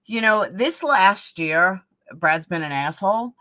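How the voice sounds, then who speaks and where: A woman's voice: mid-range voice, expressive, unhurried, pushed and bright. A middle-aged woman with a New York accent, chatting bluntly on a live stream and answering viewer comments. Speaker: livestream host. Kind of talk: casual live-stream chat.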